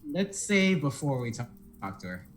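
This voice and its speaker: A man's voice: mid-range voice, very animated, moderate pace, a crowd in the background. A man playing a co-op video game on a livestream, talking in a dry, teasing way. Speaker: co-op gaming partner. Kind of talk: casual let's-play chat.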